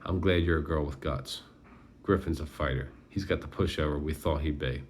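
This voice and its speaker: A man's voice: very deep voice, moderate pace, slight background noise. A man voicing a brash, bold teenage boy in an audiobook. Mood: urgent, low.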